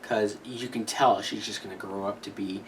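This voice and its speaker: An animated young man talks straight to camera in a casual review, sprinkling in swear words. His delivery is loose and chatty, full of fillers and quick restarts as he works through his opinions. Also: fairly low pitch, far from the mic, slight background noise. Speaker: movie reviewer.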